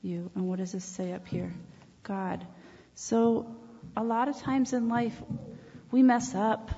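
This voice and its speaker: A woman leading a children's time in church, asking the children questions and telling them a story in a gentle way. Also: a little high, steady tone, slow, long pauses. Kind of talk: children's sermon. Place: church sanctuary. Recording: echoey church hall, dull lo-fi sound.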